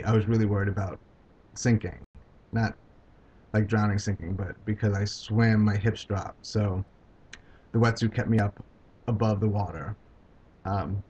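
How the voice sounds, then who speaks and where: A man vlogging about his own experience, talking in a halting, hesitant way with many pauses and restarts. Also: on the low side, a little mellow, husky. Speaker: video blogger. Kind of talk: casual personal recount. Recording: dull lo-fi home video sound.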